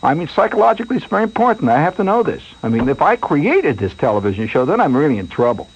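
Rambling, animated male radio host. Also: fairly high pitch, quick pace, highs cut off, slight background noise. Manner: rambling, animated, mock-anxious storytelling. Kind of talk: late-night radio monologue.

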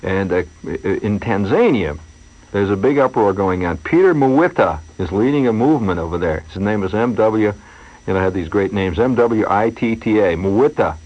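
A man with a lowish voice spins a meandering, wry comic monologue, wandering from aside to aside. The sound is a dull, lo-fi radio broadcast. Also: lively intonation, moderate pace. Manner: wry, digressive storytelling with many asides. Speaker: radio host.

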